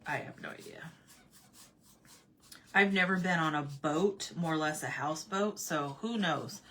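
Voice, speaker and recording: A woman with a slightly husky, bright-edged voice chats through a rambling personal anecdote. She sits on the lower side of the pitch range for a woman, keeps circling back with repeated phrases, and breaks into laughter as she talks, casual and chatty throughout. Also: measured pace. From Arizona. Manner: animated, repeats "I said", laughs often. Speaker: vlogger. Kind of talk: casual storytelling.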